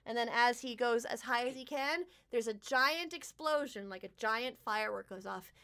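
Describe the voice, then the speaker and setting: A woman narrating a tabletop game as game master, vivid and expressive. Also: fairly high pitch, normal speed. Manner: expressive, vivid storytelling with fillers.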